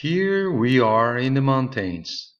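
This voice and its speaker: A man's voice: medium pitch, sing-song, takes it slowly, clean tone, voice pushed up. A man voicing a cheerful girl on a trip, reading her lines upbeat. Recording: slightly dull lo-fi recording.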